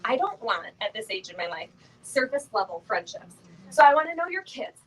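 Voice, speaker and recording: Speaking from the stage at a sales event, a middle-aged motivational speaker addresses a live audience in a chatty, playful way, with lots of fillers and laughing asides. Her voice is fairly high, a bit bright, sing-song, and fairly quick. The rough recording was made from a distance and has a little hiss or hum.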